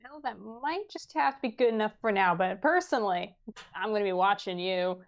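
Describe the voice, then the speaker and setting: A woman playing a tabletop game, making wry, quick asides. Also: mid-range voice, expressive. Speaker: player.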